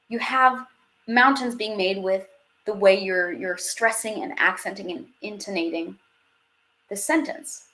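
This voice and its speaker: A woman's voice: mid-range voice, measured pace, fairly bright tone. A woman teaching a live online French class, chatty and upbeat, reading out viewer questions as she goes.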